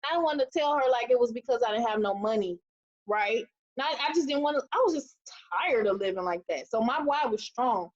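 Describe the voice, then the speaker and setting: A woman in her thirties leading a motivational team webinar, animated and preachy, acting out the quotes she tells. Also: fairly high pitch, fairly quick. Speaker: team leader. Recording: dull lo-fi webinar audio.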